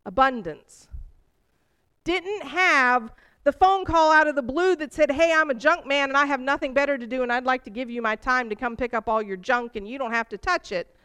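High-voiced woman preaching with lively stories. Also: brisk, clean tone. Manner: animated storytelling, voice rising with emotion. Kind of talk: sermon with personal stories.

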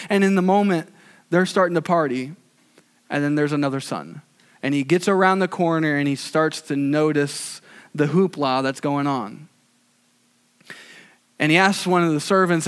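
High-voiced man preaching casually. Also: normal speed, clear, resonant tone. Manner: conversational, animated storytelling with fillers. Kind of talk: casual sermon.

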